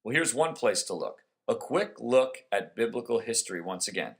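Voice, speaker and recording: A man's voice: on the low side, very animated, normal speed. A man hosting a conservative political talk show, giving an emphatic, sarcastic monologue.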